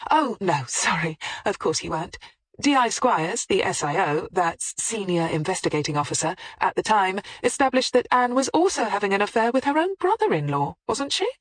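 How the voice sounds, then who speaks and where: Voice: medium pitch, sing-song, normal speed, no room sound, pitched above the performer's own voice. An audiobook narrator voicing a composed woman police detective who questions a suspect with polite, persistent irony. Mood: ironic. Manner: politely persistent, mildly ironic.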